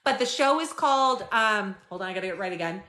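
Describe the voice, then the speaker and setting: Bright-voiced chatty woman host. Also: medium pitch, quick pace. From Canada. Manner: chatty, animated retelling with many fillers. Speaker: live-stream host. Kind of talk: casual live-stream chat.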